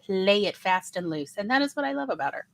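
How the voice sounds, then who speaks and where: A woman hosting a casual panel chat, talking in an animated, digressive way. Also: mid-range voice, a little fast. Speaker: host.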